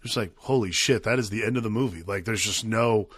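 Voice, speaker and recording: Bright-toned man chatting loosely on a podcast. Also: on the low side, dry recording, studio quality. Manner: halting, restarts, agreeable "yeah"s. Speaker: podcast co-host. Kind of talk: casual film discussion.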